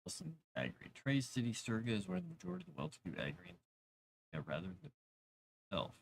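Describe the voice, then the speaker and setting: A man's voice: medium pitch, wildly swooping pitch, fast, gravelly, a little hiss or hum. A man chatting casually on a live stream while writing fantasy lore, rambling, talking to his cat and reading chat aloud.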